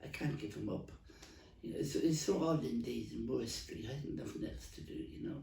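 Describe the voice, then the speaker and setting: Here a man voices an older Dublin market-stall woman for a comedic monologue, gossiping and rambling through stories full of false starts. His mid-range delivery is fairly quick and mellow, yet gravelly with a heavy smoker's cough. The mic sounds distant in a roomy space, with slight background noise.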